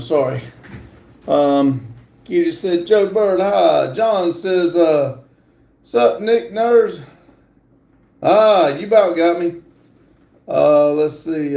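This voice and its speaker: A middle-aged man talks slowly through a casual livestream, reading chat aloud with plenty of "uh"s. His voice is gravelly and mellow. The room is echoey. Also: a little high. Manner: slow, drawling, reads chat aloud with many fillers. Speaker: livestream host.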